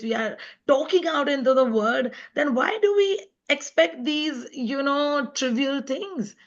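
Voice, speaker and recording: A woman's voice: on the high side, lo-fi sound. A woman guest speaker and author giving an earnest, emphatic talk on an online panel. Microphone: video call.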